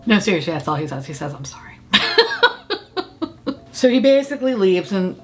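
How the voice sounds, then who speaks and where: A woman's voice: medium pitch, big pitch swings, normal speed, faint music behind. A woman casually recapping a reality show, sarcastic, swearing freely and laughing often as she acts out quotes.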